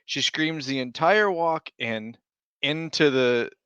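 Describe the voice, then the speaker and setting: A man's voice: fairly high pitch, slow pace, bright, forceful tone, smooth, dry recording, highs cut off. A man in his thirties, a stay-at-home dad co-hosting a podcast, telling a long rambling story in casual chat with restarts and laughs.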